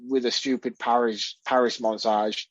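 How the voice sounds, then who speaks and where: Sweary British man, husky and lo-fi. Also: mid-range voice, level tone, normal speed, no room sound. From Britain. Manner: sweary, exasperated banter. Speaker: podcast co-host. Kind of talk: casual film review chat. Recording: dull, lo-fi dry mic.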